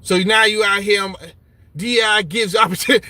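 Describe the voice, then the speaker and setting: A man's voice: sits high, a little fast. A man talking in a casual, mocking way, answering viewer comments with lots of repetition. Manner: animated, mocking, repeats "you understand?". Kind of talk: casual opinion talk. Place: Brooklyn.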